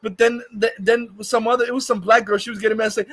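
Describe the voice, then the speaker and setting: High-voiced man ranting on a livestream. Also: fast, hardly any pauses, a bit bright, dry recording. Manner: profane, laughs often, rambling. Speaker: livestream host. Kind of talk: casual livestream chat.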